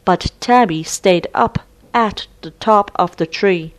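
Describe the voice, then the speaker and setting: A woman reading a children's storybook aloud in a clear, deliberate way. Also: medium pitch. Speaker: storybook reader. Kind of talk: slow read-aloud storybook narration.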